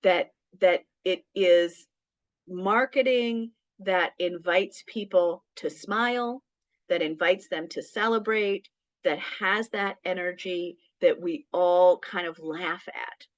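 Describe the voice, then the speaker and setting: A woman's voice: fairly low pitch, takes it slowly, no echo. A woman presenting a casual small business workshop, talking conversationally with frequent ums and "right?" tag questions. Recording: dull, dry lo-fi sound.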